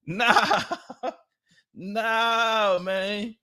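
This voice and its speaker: A man's voice: high-pitched, a little slow, fairly bright tone, no echo, clean studio sound. A man giving casual, profane commentary on clips, laughing and mocking as he talks. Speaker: online commentator.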